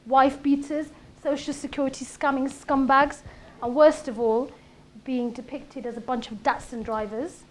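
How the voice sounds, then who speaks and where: A woman in her thirties, a comedian giving a conversational talk with comic stand-up bits, delivered in a punchy, animated way. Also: high-pitched. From Britain. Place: event room.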